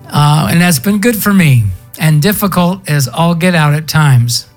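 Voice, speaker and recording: Slow, conversational male pastor. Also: a little high, soft background music. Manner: conversational storytelling, drawn-out emphasis. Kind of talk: sermon.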